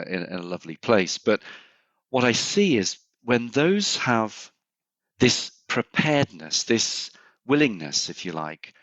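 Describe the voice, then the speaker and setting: A man's voice: fairly low pitch, fairly bright tone, dry recording. A middle-aged man, a consultant guest on a podcast, telling stories and thinking aloud with many restarts. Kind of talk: conversational podcast interview. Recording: slightly muffled, dry sound.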